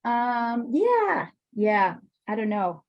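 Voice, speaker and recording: A woman's voice: a little high, big pitch swings, drawn-out words, lo-fi sound, soft background music. A woman teaching an art class, chatting casually and telling rambling stories.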